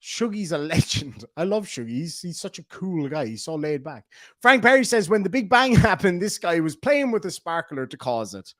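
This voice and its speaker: Animated Irish streamer with a cold. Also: male voice, fairly high pitch, moderate pace, no room sound, clean studio sound. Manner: animated, jokey, chuckling. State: has a bad cold. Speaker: streamer host reacting to videos. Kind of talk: casual live-stream commentary, reading chat.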